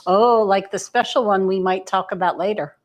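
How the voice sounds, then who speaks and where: A woman co-hosting a live travel Q&A, giving casual, measured answers. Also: mid-range voice, steady tone. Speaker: co-host travel agent. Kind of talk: live Q&A chat.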